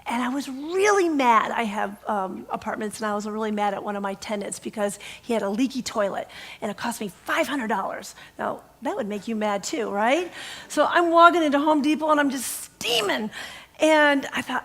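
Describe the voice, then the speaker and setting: A middle-aged woman minister giving a casual storytelling sermon, animated and laughing as she acts out dialogue. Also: fairly high pitch, normal speed.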